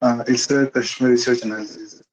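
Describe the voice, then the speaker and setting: A man's voice: medium pitch, fairly even intonation, quick pace, low-quality recording. A man, a student giving short, hesitant answers in an online class.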